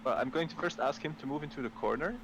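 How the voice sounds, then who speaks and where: A man's voice: medium pitch, fast. Give me a hesitant man at a game table, with noise behind him. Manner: hesitant, many ums, scheming. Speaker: player. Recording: noisy stream audio.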